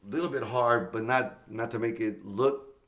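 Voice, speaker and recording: His voice is medium-pitched and a bit bright, moving at a moderate pace. As a middle-aged comedian guesting on a podcast interview, he relates casual stories, impersonating the people he quotes and cursing without restraint.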